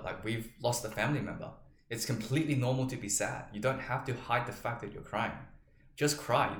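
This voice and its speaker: A man speaks alone on his podcast as a coach, earnest and reflective, unpacking his ideas slowly with everyday examples. His voice sits at an ordinary middle pitch. The sound carries a noticeable room echo. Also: a bit bright. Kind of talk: solo podcast monologue.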